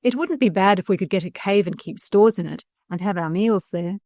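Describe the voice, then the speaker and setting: A woman doing a smooth-talking schoolboy. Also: medium pitch, fairly quick, dark tone, no room sound, natural voice. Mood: wheedling. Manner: earnest, overly polite. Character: polite, scheming young schoolboy, smooth-talking.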